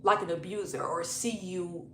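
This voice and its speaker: A young woman telling a personal story in a casual, animated, profane vlog style. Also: on the low side, normal speed. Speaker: YouTube storyteller. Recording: roomy echo, faint noise.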